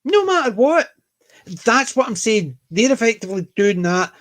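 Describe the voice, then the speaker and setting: A man's voice: very high-pitched, sing-song, normal speed, a bit bright. A Scottish man co-hosting a casual panel chat, rambling and jokey, full of anecdotes. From Scotland. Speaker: podcast co-host.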